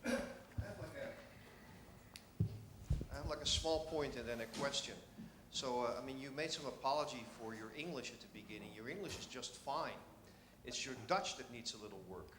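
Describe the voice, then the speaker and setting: A man's voice: medium pitch, moderate pace, long pauses, reverberant, background noise. A man in the audience of a conference asking a question, rambling and joking. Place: lecture hall.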